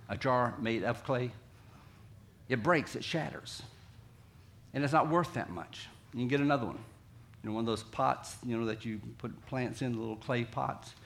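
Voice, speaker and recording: A man preaching a sermon to his congregation in a conversational way, dropping low and quiet, then acting out quotes loudly. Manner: conversational, acts out quotes with big swings from quiet to loud. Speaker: pastor. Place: church sanctuary.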